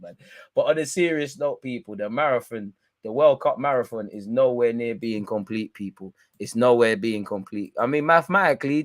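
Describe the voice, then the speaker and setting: Excitable young man, dry close mic. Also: mid-range voice, dry recording. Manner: excitable, mocking, slangy banter. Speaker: football watch-along host. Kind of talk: casual live match reaction.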